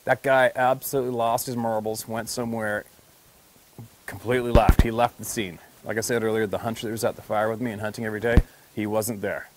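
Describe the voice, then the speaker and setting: A man's voice: fairly low pitch, little pitch movement, fairly quick, a little hiss or hum. A man who works as a hunting and fishing guide tells a hunting story casually, swearing freely and laughing as he goes.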